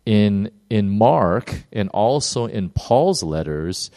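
Animated man preaching with acted-out quotes. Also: takes it slowly. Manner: animated, uneven pace with many fillers and restarts; acts out quoted lines with sudden rises in pitch. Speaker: pastor. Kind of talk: sermon.

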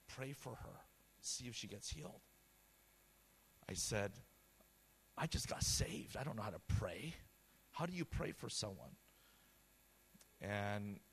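A man preaching a sermon, telling a personal testimony with quoted dialogue in a passionate, loud style. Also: fairly low pitch, slight background noise. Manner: storytelling with quoted dialogue, repeated words.

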